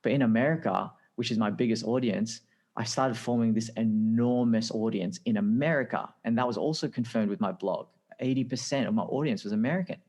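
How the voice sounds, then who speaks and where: A man's voice: mid-range voice, a little fast, a little mellow. A man with an Australian accent telling his career story as a guest, chatty and acting out the lines of people he quotes. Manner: chatty, acts out quoted dialogue. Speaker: guest, design director. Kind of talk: casual storytelling.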